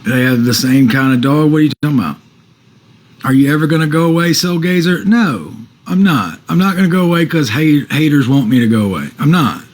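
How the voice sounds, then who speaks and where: A man's voice: fairly high pitch, lively intonation, a little fast, poor audio. A man on a casual livestream, reading out viewer comments and answering them defensively, with some swearing.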